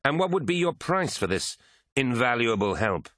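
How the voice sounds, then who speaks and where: A man's voice: mid-range voice, very animated, normal speed, fairly bright tone, no room sound, clean studio sound, voice pushed up. A man voicing a proud, scornful male warrior commander who sneers and scoffs, in an audiobook reading.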